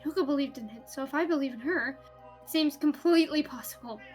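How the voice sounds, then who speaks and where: A woman reading aloud the lines of a shaken young man who is trying to stay calm, voicing him in earnest. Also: sits high, fast talker, soft background music, lightly acted. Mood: resolute. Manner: reads game text aloud, earnest and stunned.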